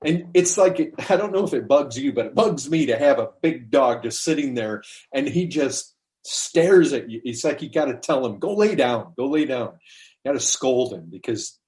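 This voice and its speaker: A man's voice: medium pitch, animated, moderate pace, darkish tone. A man preaching a sermon in a conversational way, asking rhetorical questions and acting out quoted lines.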